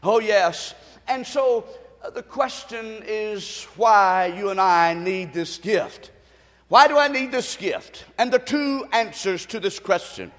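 A man's voice: sits high, animated, slow pace. Man, pastor, fervent call-and-response sermon, church sanctuary with long reverb. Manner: call-and-response preaching, rising to shouts.

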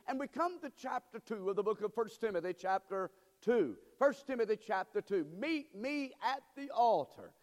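A man preaching a sermon as pastor, swinging between calm teaching and sudden loud, emphatic bursts. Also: sits high, big-room sound. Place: church sanctuary.

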